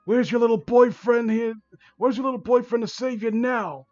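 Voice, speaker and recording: A man's voice: sits high, a little slow, darkish tone, no echo, muffled recording, faint music behind, pitched above the performer's own voice. A man voicing a mean teenage girl who bullies at school, taunting and mocking. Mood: sneering.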